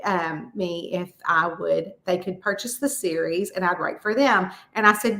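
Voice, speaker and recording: A woman's voice: fairly low pitch, measured pace, fairly bright tone. A middle-aged woman, a mystery author chatting casually with readers and telling stories full of fillers. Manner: chatty storytelling with many fillers. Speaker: mystery author hosting a live chat. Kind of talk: casual chat.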